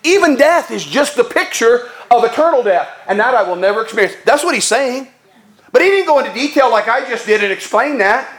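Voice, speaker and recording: High-voiced folksy male preacher. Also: expressive, fairly quick, a bit bright. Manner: folksy, emphatic, conversational. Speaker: pastor. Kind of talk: sermon.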